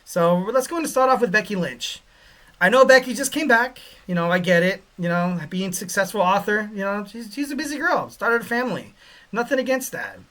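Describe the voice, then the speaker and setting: A man's voice: sits high, expressive, brisk, pushed and bright. A man hosting a podcast, talking in a loose, joking way with many fillers and asides. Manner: rambling, joking, lots of fillers. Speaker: podcast host. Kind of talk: casual commentary.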